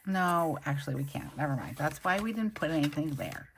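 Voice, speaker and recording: A woman's voice: sits low, animated, brisk, a little hiss or hum. A young woman hosting a plan-with-me video, chatting and gushing over stickers as she decorates her planner. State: recovering from a migraine. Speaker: planner channel host. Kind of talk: casual plan-with-me chat.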